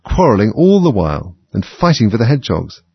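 Low, gravelly man reading a storybook. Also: brisk, no echo. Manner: animated, dramatic reading. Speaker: narrator. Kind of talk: storybook read-aloud. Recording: dull lo-fi recording.

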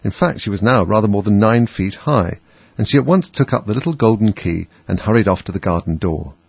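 A man's voice: fairly low pitch, animated, brisk, creaky, husky, no echo. A man narrating a children's storybook expressively as an audiobook, on a dull, dry recording.

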